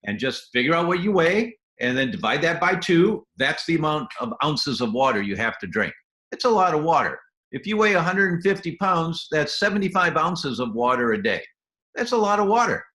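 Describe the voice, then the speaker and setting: A man's voice: on the high side, big pitch swings, normal speed, sharp tone, echoey room. A man speaking as a guest doctor, enthusiastic and explaining health habits step by step, now and then acting out little scenes. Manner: enthusiastic, acts out little scenes in quoted voices. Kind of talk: animated health advice interview.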